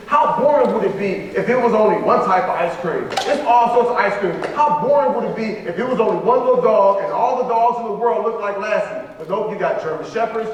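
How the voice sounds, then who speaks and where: A man's voice: high-pitched, slight background noise. A male motivational speaker addressing a school assembly, talking with a preacher-like cadence and emphatic repetition. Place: school gymnasium or auditorium. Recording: echoey hall, distant room mic.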